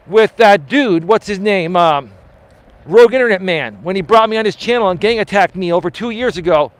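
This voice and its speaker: A man coaching on a live stream while he walks outdoors, reading chat aloud and answering it in a passionate, emphatic, argumentative way. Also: sits high. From Greek heritage. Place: outdoors on an urban street, walking.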